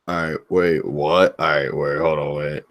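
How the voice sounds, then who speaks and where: A man's voice: rumbling low, little pitch movement, unhurried, fairly bright tone. A man co-hosting a livestream, talking bluntly and emphatically in slang. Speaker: stream co-host. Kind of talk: casual livestream chat.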